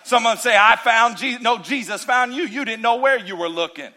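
A man preaching a sermon as pastor, animated, swinging between loud, emphatic lines and hushed, intimate ones. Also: extremely high pitch, brisk.

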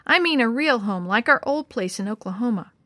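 A woman's voice: on the high side, expressive, a little fast, sharp tone, no echo, clean studio sound. A woman voicing a discouraged, grumbling boy in a storybook reading. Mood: gloomy. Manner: grumbling, dejected. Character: discouraged poor boy, sullen.

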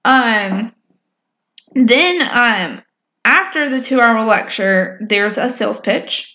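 Bright, chatty woman. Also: fairly high pitch, expressive, takes it slowly. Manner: rambling, filler-heavy, chatty storytelling. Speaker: podcast co-host recapping episodes. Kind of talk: casual chat.

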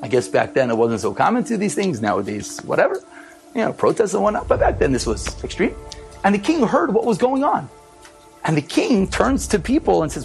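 A man telling a dramatic story as a sermon, in an animated storytelling manner. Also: on the high side, moderate pace, vocal fry, faint music behind, low-quality recording.

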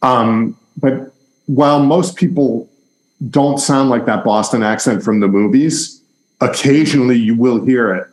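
A middle-aged man from New York hosting an interview, talkative and quick with rambling asides. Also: medium pitch, a little mellow, reverberant, rough recording. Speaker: interviewer host. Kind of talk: casual interview chat.

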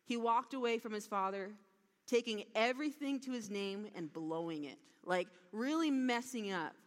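A woman giving a sermon, retelling a parable with lively storytelling and acted-out lines. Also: a little high, normal speed. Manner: animated storytelling with acted-out dialogue. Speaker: preacher. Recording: long hall reverb.

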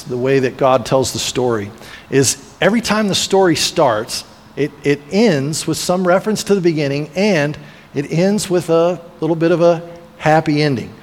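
Male pastor, sermon, storytelling delivery, slightly high voice, long hall reverb. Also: darkish tone. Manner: storytelling, acts out voices of biblical figures.

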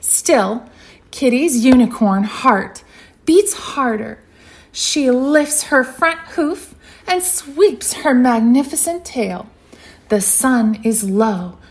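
A woman dance teacher reading a storybook aloud to children, animated and talking to them directly. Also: fairly high pitch, slow pace. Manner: animated, addresses kids directly.

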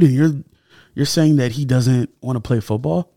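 A young man hosting a solo podcast, talking casually and with animated indignation, his voice jumping up when he gets heated. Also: mid-range voice, normal speed, no room sound, clean studio sound. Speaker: podcast host.

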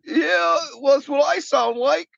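A man doing an impression of an upbeat football coach, pitched way up above his normal voice and sounding cheerful and earnest. The recording is dry and a little dull. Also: a little slow, vocal fry, fairly bright tone, no echo, heavily acted.

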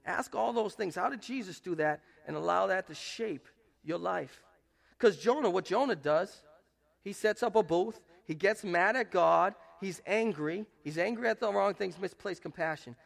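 Gravelly-voiced man preaching a sermon. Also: high-pitched, moderate pace. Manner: preaches with swings between loud emphatic rises and soft hushed quotes. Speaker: pastor. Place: church sanctuary.

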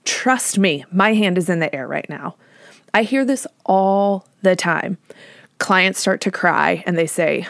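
A woman psychologist hosting a solo podcast, talking in an energetic, emphatic way and laughing often. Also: lowish voice, unhurried, no echo, studio quality. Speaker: podcast host, licensed psychologist.

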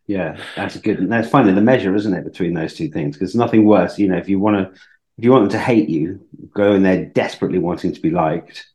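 A man's voice: sits low, fast, dark tone. A man hosting a casual podcast, reacting briefly to his guest. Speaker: podcast host.

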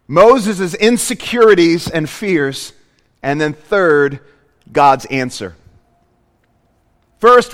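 High-voiced man preaching in a reverberant hall. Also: a bit bright. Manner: earnest, storytelling with emphatic repetitions. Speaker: pastor. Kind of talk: sermon.

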